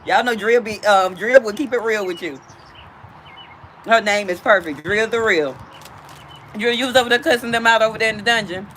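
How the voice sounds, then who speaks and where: A woman's voice: medium pitch, normal speed, long pauses, fairly bright tone, a little hiss or hum. A woman hosting a casual livestream from outdoors, chatting directly with her viewers. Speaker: livestream host.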